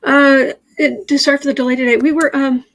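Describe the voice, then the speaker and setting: With a high voice, fairly even intonation and a slightly fast pace, this tarot reader runs her daily livestream. She chats casually with viewers, pausing between remarks to speak to her cat.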